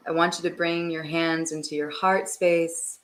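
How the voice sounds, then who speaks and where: A woman energy healer guiding a slow, soothing meditation in a hushed voice. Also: low voice, steady tone, a little hiss or hum. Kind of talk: guided meditation. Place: home, livestream.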